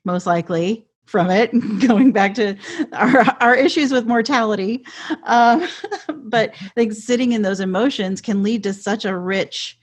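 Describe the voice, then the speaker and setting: A woman hosts a podcast interview in a medium-pitched, everyday voice. She is chatty and responsive and leans on filler words as she thinks aloud. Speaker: podcast host.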